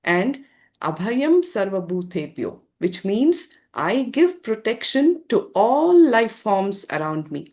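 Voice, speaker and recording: A woman giving a slow, earnest slide presentation to an audience in a conference room, with some fillers. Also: medium pitch, a little mellow. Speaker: presenter at a summit session.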